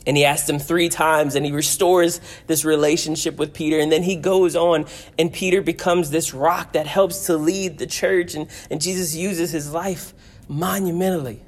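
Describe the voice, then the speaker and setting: A man's voice: a little high, fairly even intonation, normal speed. A man preaching a sermon as pastor, earnest and repetitive, his delivery swelling and dropping for emphasis.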